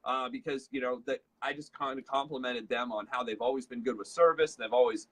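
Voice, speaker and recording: A man's voice: mid-range voice, fairly even intonation, fairly quick, a bit bright. A man, hosting a casual leadership talk and telling a story in a chatty way, acting out bits of dialogue. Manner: chatty storyteller, acts out dialogue, many fillers. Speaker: host.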